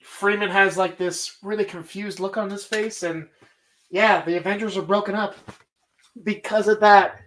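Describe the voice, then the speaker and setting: A woman's voice: medium pitch, steady tone, normal speed, fairly bright tone, rough recording. A woman hosting a casual movie bracket show, talking animatedly and rambling, swearing freely as she argues her picks. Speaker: podcast host.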